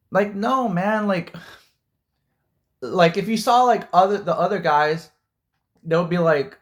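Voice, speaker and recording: A man's voice: high-pitched, slow, pauses often. A man giving a casual, heated movie-review rant, rambling and full of fillers like "like" and "dude".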